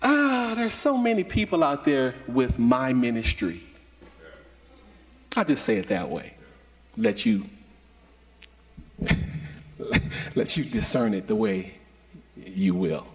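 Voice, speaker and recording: Slow, deliberate preacher in an echoing church. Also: male voice, medium pitch, expressive. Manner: preaching with emphatic repetition. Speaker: associate minister. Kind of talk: sermon. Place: church sanctuary. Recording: reverberant church sanctuary.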